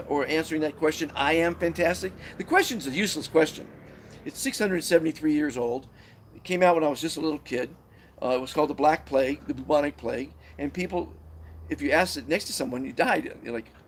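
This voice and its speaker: Man, motivational speaker, gravelly and husky voice, preachy live pep talk with lots of restarts. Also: a little high. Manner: animated, preachy, stumbling restarts. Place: Guatemala, where he lives.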